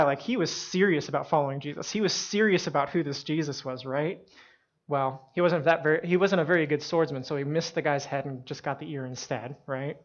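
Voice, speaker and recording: A woman tells a Bible story in an animated, dramatic way and often turns to her listeners. Her voice is low. The recording sounds dull and lo-fi. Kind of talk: lively sermon storytelling.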